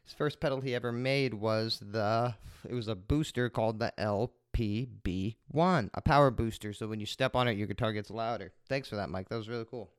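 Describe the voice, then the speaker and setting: A man's voice: mid-range voice, clean tone, dry recording, studio quality. A man hosting his own podcast, telling a rambling story in a casual, heavily profane monologue. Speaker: podcast host.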